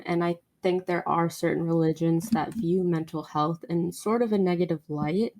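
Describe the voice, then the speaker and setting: Female podcast host, slightly low voice, measured and thoughtful. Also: steady tone, darkish tone. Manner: measured, thoughtful questions with fillers. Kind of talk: interview.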